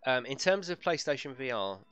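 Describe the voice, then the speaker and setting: Bright-voiced chatty man. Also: mid-range voice, very animated, a little fast, smooth. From United Kingdom. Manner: chatty storyteller, laughs often, swears freely. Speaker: game streamer. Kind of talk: casual live-stream chat. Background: faint music.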